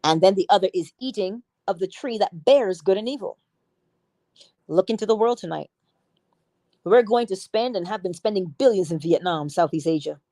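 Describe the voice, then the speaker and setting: A woman reading a spiritual lecture aloud as a bedtime narration, expressive, with shifting pace and emphasis. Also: mid-range voice, normal speed, no echo.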